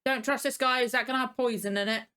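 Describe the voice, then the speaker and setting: A woman's voice: on the high side, steady tone, fast, pushed and bright. A tired woman hosting a reaction video, rambling casually and apologizing often. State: tired and yawning.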